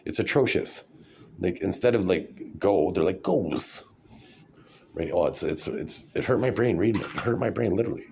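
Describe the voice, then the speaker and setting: A man's voice: low voice, brisk, vocal fry, darkish tone, husky. A man in his forties talking in a rambling, sarcastic, blunt casual vlog rant. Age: 40s. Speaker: vlogger.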